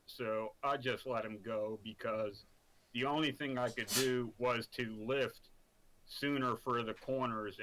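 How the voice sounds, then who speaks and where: Male driver in a post-race interview, bright tone, even and matter-of-fact. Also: mid-range voice, poor audio. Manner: calm, matter-of-fact explanation. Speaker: third-place driver.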